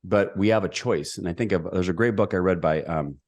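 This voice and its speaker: A middle-aged man telling a personal story as a podcast guest, energetic and emphatic. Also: low voice, a little fast. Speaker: podcast guest, executive coach.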